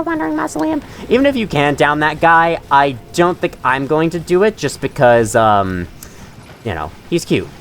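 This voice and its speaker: A man's voice: mid-range voice, a bit bright, a little hiss or hum. A man chatting through his own gameplay as host of a let's play, joking and often laughing. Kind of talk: gaming commentary.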